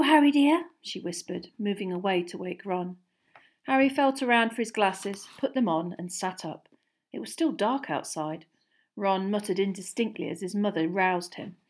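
A woman narrating an audiobook chapter in an even, measured storytelling voice. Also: medium pitch.

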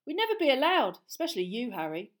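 A woman's voice: high-pitched, wildly swooping pitch, fast talker, voice pushed up. Woman doing a glum teenage boy. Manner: weak, glum. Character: gloomy teenage boy, Harry's friend.

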